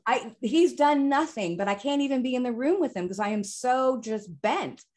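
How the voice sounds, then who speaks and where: A woman hosting a podcast, chatting frankly and telling lively personal stories. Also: on the high side, normal speed. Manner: frank, animated storyteller. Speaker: podcast host. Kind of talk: casual podcast conversation.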